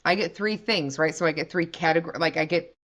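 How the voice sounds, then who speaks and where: A woman's voice: sits low, fairly quick, a bit bright. A woman hosting a podcast, chatting casually and animatedly with lots of fillers. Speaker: podcast host. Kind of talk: casual chat.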